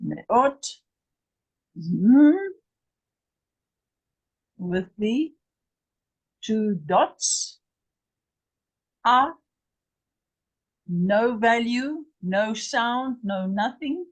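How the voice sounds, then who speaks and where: English woman, teacher, very slow delivery, husky voice, repeats each word. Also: on the high side, expressive, low-quality recording. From England. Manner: repeats words, spells letters aloud. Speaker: Hebrew teacher. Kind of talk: slow, patient language lesson.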